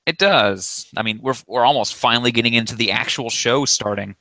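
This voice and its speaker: Man, podcast co-host, bright edgy tone, matter-of-fact, close dry mic. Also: mid-range voice, brisk, no echo. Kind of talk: casual chat, introducing episodes.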